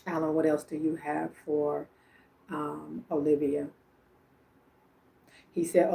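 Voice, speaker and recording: A woman with a low, deep-set voice hosts a live psychic reading stream. She talks in a loose, chatty way, relaying messages to viewers and breaking into easy laughter between phrases. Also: little pitch movement, slow pace, gravelly, long pauses, dark tone. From Illinois. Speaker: psychic medium and livestream host. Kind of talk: casual livestream psychic reading.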